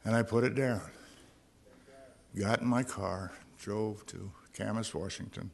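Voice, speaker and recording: A man's voice: fairly low pitch, fairly even intonation, unhurried, vocal fry, slight background noise. Man, middle-aged, recovery meeting speaker, earnest storytelling, wry. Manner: earnest storytelling with dry humor. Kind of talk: personal recovery talk at a podium.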